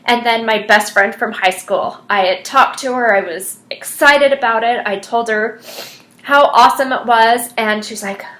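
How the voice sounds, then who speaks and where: Slow-talking earnest woman coach. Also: fairly high pitch, pushed and bright. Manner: earnest, chatty, many fillers. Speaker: fitness coach. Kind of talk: personal story, casual monologue.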